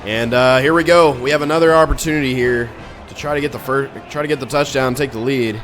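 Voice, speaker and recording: A young man commentating his own football video game, exasperated and ranting, with sudden loud outbursts. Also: medium pitch, steady tone, quick pace, soft background music. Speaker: gaming YouTuber. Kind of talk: live gameplay commentary.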